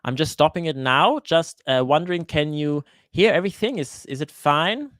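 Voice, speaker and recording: A man hosting a live Q&A for his cooking channel, chatting casually and greeting viewers by name, often pausing with "uh" and restarting his sentences. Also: a little high, a bit bright, dry recording, clean studio sound. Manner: hesitant, with frequent "uh" fillers and restarts. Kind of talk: live-stream Q&A chat. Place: lives in Switzerland.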